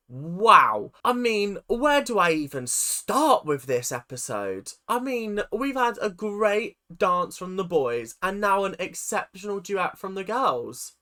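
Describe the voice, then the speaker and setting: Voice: mid-range voice, sing-song, a little slow, few pauses, sharp tone. A reaction video host giving chatty, rambling commentary, laughing often and swearing casually.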